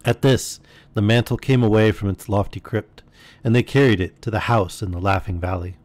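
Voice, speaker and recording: A man reading a classic story aloud as a bedtime storyteller, steady and expressive. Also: on the low side, moderate pace, no room sound.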